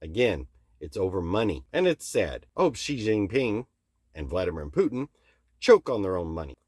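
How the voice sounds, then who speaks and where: Blunt, cursing American host venting his opinions; lowish voice, dry close sound. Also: very animated, moderate pace, a little mellow, breathy edge, dry recording. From United States. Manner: blunt and profane. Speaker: channel host. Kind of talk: opinion rant to camera.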